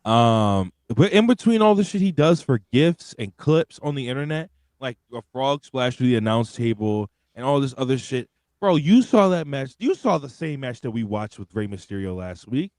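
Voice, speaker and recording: A man's voice: medium pitch, moderate pace, hardly any pauses, dry recording. A young man, co-hosting a wrestling show in casual, profane, rambling chat. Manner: animated, profane, rambling with restarts. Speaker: wrestling podcast co-host.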